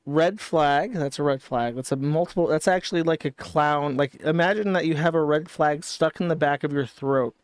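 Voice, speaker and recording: Smooth-voiced man in a sardonic commentary stream. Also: a little high, normal speed, few pauses, no room sound. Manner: casual, profane, sardonic. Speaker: streamer host.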